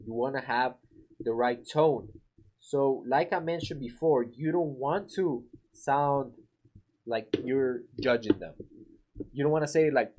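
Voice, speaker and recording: A man's voice: medium pitch, measured pace, a little mellow. A man giving a casual spoken sales lesson, acting out sample lines and talking with many fillers. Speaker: sales coach. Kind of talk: casual instructional talk to camera.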